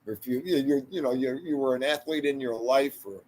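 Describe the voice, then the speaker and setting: A man's voice: medium pitch, a little fast, darkish tone. An older man hosting a casual livestream, rambling through stories and talking to viewers in the chat by name. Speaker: livestream host.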